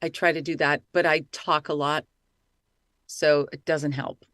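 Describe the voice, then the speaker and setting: A middle-aged woman, an actress and voice-over artist, chatting excitedly in an interview. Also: sits low, a little slow, no room sound, clean studio sound. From Italy. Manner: lively, talkative, excitable. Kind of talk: casual interview chat.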